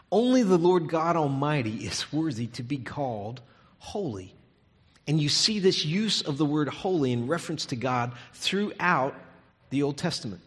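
A man preaching a sermon with emphatic delivery, dropping to soft, near-whispered tones on key words. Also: fairly high pitch, big-room sound.

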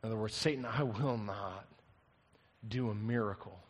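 A man voicing Jesus as calm and resolute, speaking slowly and hushed. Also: lowish voice, slightly rough, pitched below the performer's own voice. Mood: firm. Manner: slow, hushed, deliberate. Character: calm, resolute male Jesus, quietly firm.

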